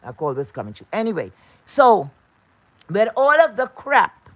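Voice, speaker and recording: A woman's voice: mid-range voice, sing-song, moderate pace, no echo. Woman, live streamer, profane rant, repeats herself, dry recording. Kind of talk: casual ranting livestream talk.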